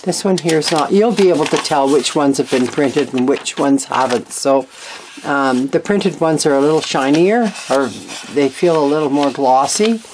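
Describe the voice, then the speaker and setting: A woman's voice: low voice, moderate pace, noisy background. A woman hosting a craft channel, showing her handmade journal in a chatty, meandering way with frank asides. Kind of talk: casual craft show-and-tell.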